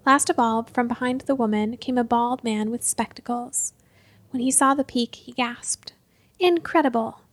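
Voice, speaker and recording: A woman reads a storybook tale aloud in the first person, measured and dropping to a near whisper at its tensest points. Her voice sits high, and the recording is close and dry. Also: steady tone, no room sound. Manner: measured, hushed at tense moments. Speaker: narrator. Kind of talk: storybook narration.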